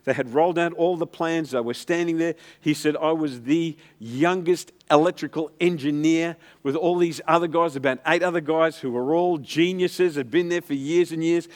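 A man with a slightly raised voice preaches to his congregation. He tells stories in an easy, conversational way and asks the room to say words back to him. His delivery mixes quiet, reflective stretches with bursts of emphasis. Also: a little high. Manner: storytelling preacher, calls for congregation responses. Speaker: pastor. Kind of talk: sermon.

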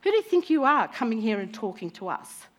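A woman preacher voicing a scornful older brother who belittles his younger sibling, spoken slightly quieter than her preaching and in her own somewhat high voice. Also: big pitch swings, a little fast.

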